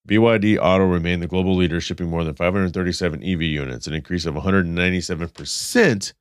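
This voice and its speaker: Low-voiced congested male podcast host. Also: fairly even intonation, fast, clear, resonant tone, dry recording, clean studio sound. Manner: rambling, self-correcting, reading stats then riffing. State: stuffed up, congested. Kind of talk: casual car news chat.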